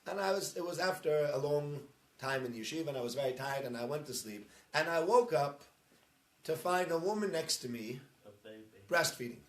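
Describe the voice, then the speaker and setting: A man, a rabbi, giving an informal talk to his congregation, telling stories chattily and building to animated emphasis. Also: on the high side, a little fast. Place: synagogue hall. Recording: roomy echo.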